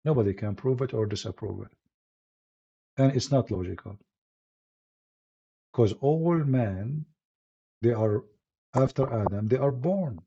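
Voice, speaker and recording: Gravelly man with an Arabic accent. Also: medium pitch, lively intonation, measured pace, pauses often, dark tone. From Middle East. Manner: emphatic, combative, broken phrasing with restarts. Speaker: apologist hosting a live stream. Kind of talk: live stream monologue. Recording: dull lo-fi stream audio.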